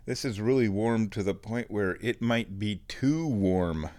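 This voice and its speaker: Male vlogger, lowish voice, chatty and meandering, casual home-video storytelling. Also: a little slow, darkish tone. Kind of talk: casual rambling vlog.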